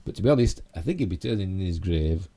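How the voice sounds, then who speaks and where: This man talks fast and expressively in a deep, dark-toned voice with a Yorkshire accent. Originally from Yorkshire, England, he hosts a casual live stream, rambling through geek news with frequent "you know" and tag questions.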